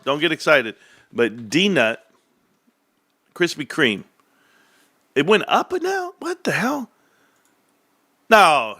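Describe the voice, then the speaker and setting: 40s guy ranting to his viewers, jokey and all over the place, pitch bouncing up and down. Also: pushed and bright, dry recording, clean studio sound. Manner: rambling, joking, tangent-prone. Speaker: stock market vlogger. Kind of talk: casual rant to viewers.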